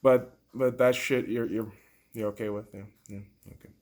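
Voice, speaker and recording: A man hosting a podcast, delivering a heated, profane, mocking political rant that swings from loud outbursts to low muttering. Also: fairly even intonation, moderate pace. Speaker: podcast host.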